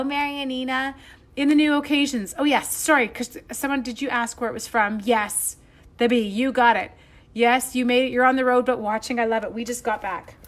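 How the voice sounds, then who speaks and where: A middle-aged woman chatting through a live stamping demonstration, greeting viewers by name with playful asides. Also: a little high. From Canada. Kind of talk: live-stream crafting demo.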